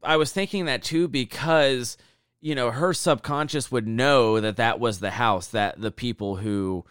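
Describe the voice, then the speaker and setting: At a measured pace, a podcast co-host with a clean, slightly bright medium-pitched voice rambles through casual chat, filling it with fillers and restarts. The studio sound is clean, with no room audible.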